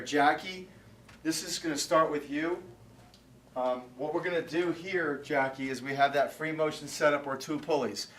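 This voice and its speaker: A male personal trainer coaching a workout, counting reps out loud and giving short commands. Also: fairly high pitch, far from the mic, a little hiss or hum. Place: gym. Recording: echoey gym, voice away from mic.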